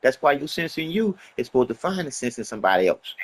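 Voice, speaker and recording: A man with a mid-range voice and big pitch swings talks quickly through a rambling motivational monologue in casual street slang. He's emphatic and preachy, repeats his points and swears often.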